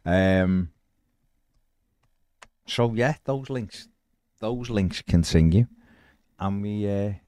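A man's voice: on the low side, very slow, pauses often, warm tone, smooth, no echo, clean studio sound. A man co-hosting a casual football podcast, chatting loosely and reading out viewer comments. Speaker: podcast co-host.

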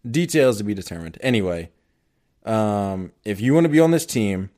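A young man with a slightly low voice talks through a casual sports podcast in a loose, joking way. He laughs easily and keeps things relaxed. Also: normal speed. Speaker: podcast co-host.

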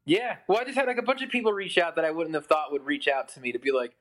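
Fast-talking and fairly high-pitched, this man in his thirties is a musician telling a sprawling story as a podcast guest. The chat is casual, and he fills it with "like" and animated, acted-out quotes.

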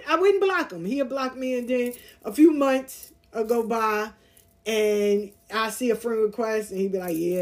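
A woman hosting a podcast, telling a personal story in a casual, animated way and acting out the voices of the people in it. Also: mid-range voice. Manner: animated, acts out voices in her anecdotes. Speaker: podcast host.

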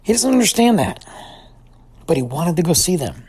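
A man's voice: fairly high pitch, big pitch swings, moderate pace, a little mellow, slightly rough. A man in his forties telling a heartfelt story about his family in a thoughtful personal monologue. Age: 40s.

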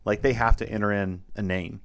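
Guy with a lowish voice rambling on a podcast, repeats himself a lot. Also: fairly even intonation, a little fast. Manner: rambling, repeats words when explaining. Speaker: podcast co-host. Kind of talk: casual chat.

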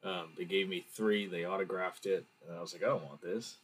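A man's voice: deep voice, steady tone, brisk, breathy edge, rough recording. A young man chatting casually on a podcast, easygoing and a little hesitant. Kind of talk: casual chat.

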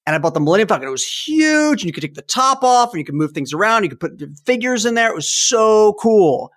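A man in his fifties hosting a podcast, telling childhood stories in a casual, animated way. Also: high-pitched, fast. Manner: animated storytelling, acts out toy sounds. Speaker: podcast host. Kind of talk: casual chat.

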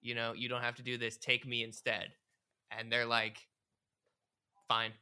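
A man's voice: mid-range voice, unhurried, clear, resonant tone. A man chatting casually about a video game, retelling scenes and acting out the characters' lines. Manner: animated storyteller, acts out dialogue, swears.

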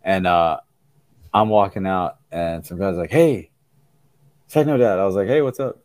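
Low-voiced tired man chatting. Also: moderate pace, darkish tone, dry recording, studio quality. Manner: rambling, laughing storyteller. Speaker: podcast host. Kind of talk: casual chat.

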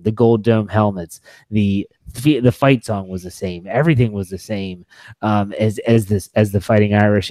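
A man's voice: on the low side, mellow, no echo. A young man co-hosting a podcast, rambling and enthusiastic as he talks about sports movies, often restarting his sentences. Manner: rambling, self-correcting, enthusiastic. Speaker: podcast co-host. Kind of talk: casual sports movie chat.

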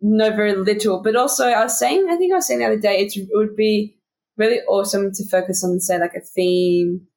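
A young woman co-hosting a podcast, chatting casually and poking fun at herself. She laughs easily. Her voice sits at a middle pitch. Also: fairly quick, a little mellow. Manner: chatty, self-mocking, laughs often. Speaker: podcast co-host. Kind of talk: casual chat.

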